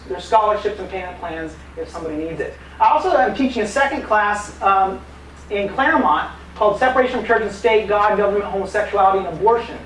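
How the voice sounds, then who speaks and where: A man, an apologetics teacher, giving a live conference talk in lively, casual storytelling style with acted quotes and fillers. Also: high-pitched. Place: museum conference room. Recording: echoey room, distant mic, faint noise.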